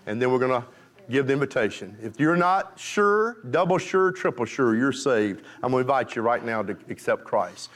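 A male pastor preaching a revival sermon, fervent, jumping from shouts to hushed pleading, with folksy call and response to the congregation. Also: medium pitch.

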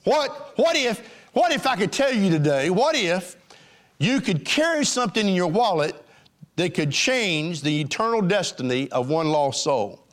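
Lively-pitched preaching man. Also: moderate pace. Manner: emphatic, rising and falling preaching cadence with frequent fillers. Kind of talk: sermon.

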